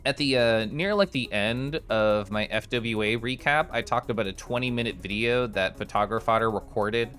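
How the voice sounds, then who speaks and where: A man streaming live, chatting casually with his viewers and answering chat with bubbly, excited exclamations. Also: mid-range voice, moderate pace, hardly any pauses, soft background music.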